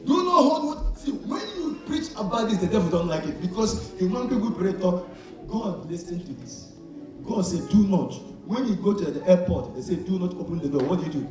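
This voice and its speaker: Recorded at a distance in a strongly echoing hall with faint background music, a high-voiced male preacher prompts his audience to complete his words in call-and-response fashion. He is very animated at a moderate pace, and his voice rises and drops in loudness as he dramatizes small scenes.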